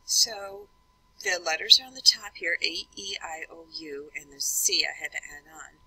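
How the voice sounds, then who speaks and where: A woman teaching a classroom lesson, slowly and deliberately spelling out letters one at a time. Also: low voice, lively intonation, creaky, sharp tone, breathy edge, no echo, low-quality recording. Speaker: French teacher.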